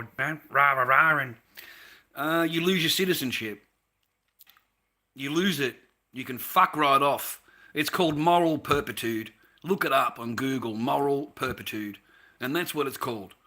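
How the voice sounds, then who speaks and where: Sharp-voiced angry Australian man ranting. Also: mid-range voice, moderate pace, long pauses. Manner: profane, heated, repeats himself, drops "mate".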